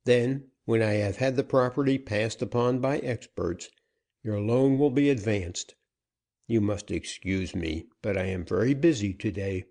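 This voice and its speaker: A man's voice: on the low side, a little slow, darkish tone. A man voicing a frightened male banker and former outlaw, stammering and pleading as he is cornered. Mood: guarded. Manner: stammering, pleading, rising in panic.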